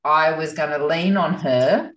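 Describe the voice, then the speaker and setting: A woman, an interview guest, telling a personal story in a chatty, animated way and laughing often. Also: deep voice, measured pace, roomy sound, poor audio. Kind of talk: casual storytelling.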